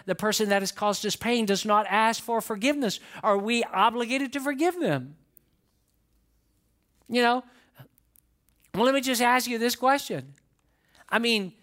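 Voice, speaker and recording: Animated male pastor preaching. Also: high-pitched. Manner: animated, acts out voices of listeners and Bible figures. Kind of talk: sermon.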